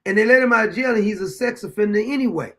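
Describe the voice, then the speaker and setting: A show host reacts to a courtroom video bluntly, profanely and indignantly, rambling and restarting his sentences. His voice sits high, fast and sharp.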